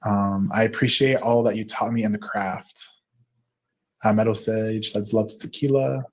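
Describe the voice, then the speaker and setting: A man's voice: lowish voice, fairly even intonation, moderate pace. Man reading chat comments with laughs. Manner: warm, laughs often, reads with fillers. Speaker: host.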